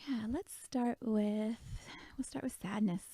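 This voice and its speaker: A woman leading a guided meditation, speaking softly and gently, often half-whispered. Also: on the high side, unhurried, breathy edge, no room sound.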